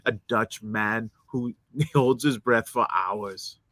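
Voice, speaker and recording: A man's voice: on the low side, slow, sharp tone, no echo. A man co-hosting a podcast in casual chat, joking dryly and often restarting his sentences. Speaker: podcast co-host.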